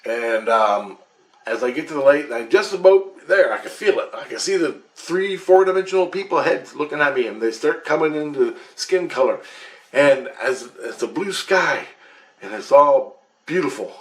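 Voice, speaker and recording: A man with a fairly high, animated voice speaks at an ordinary pace, recounting a past-life recall as a vlogger. He tells it casually and emphatically in the first person, cursing and restarting along the way. The webcam recording has a roomy echo.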